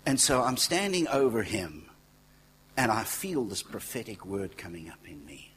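A man preaching a sermon, telling stories in a conversational way, dropping to near-whispers and then rising to loud exclaiming, with asides to the congregation. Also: lowish voice, very animated, moderate pace, slightly rough, poor audio. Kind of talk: sermon with storytelling.

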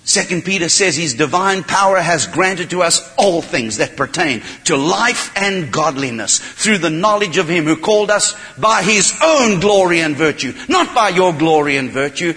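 A man preaches a sermon with a bright, forceful voice. His pitch swings widely as he moves between hushed passages and ringing shouts. The sound carries the long reverb of a large hall. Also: animated, normal speed, hardly any pauses. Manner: impassioned, swings from quiet to shouting.

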